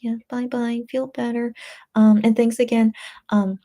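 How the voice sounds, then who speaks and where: A woman's voice: fairly high pitch, flat delivery, measured pace, dark tone. Tired, rambling woman reading chat aloud. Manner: rambling, many fillers and restarts, reads comments aloud. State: tired and a little tipsy. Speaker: livestream host reading chat. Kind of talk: casual late-night livestream chat.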